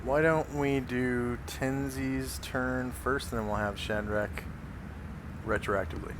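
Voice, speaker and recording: A man runs a tabletop game as game master. His delivery is hesitant and full of fillers, his pitch sits in the middle range, and clear noise runs behind him on a voice-chat recording. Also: fairly even intonation, slow pace.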